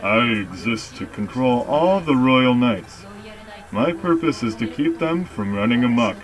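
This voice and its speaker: A grave, ancient knight creature voiced by a man reading a game aloud speaks in slow, measured, formal sentences. Each word is weighed and deliberate. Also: mid-range voice, lively intonation, lightly acted. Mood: solemn.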